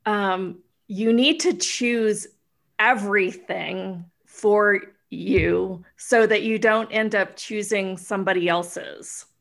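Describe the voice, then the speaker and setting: A woman's voice: medium pitch, fairly even intonation, slow, vocal fry. A woman podcast host asking questions in a thoughtful, affirming way. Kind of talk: casual interview.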